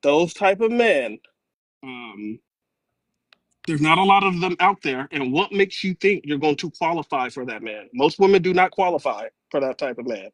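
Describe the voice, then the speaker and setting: A man with a slightly high voice argues his side as a guest on a live panel. He pushes his point and keeps checking in with "right?". His sound is dry and close to the mic. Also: animated, normal speed, fairly bright tone, no echo. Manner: argumentative, keeps saying right?.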